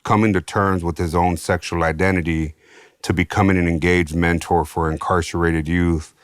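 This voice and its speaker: A man from San Diego, a podcast guest, telling his own story in an animated, slangy way with free swearing. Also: deep voice, moderate pace, clean tone, dry recording, clean studio sound. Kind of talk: casual storytelling.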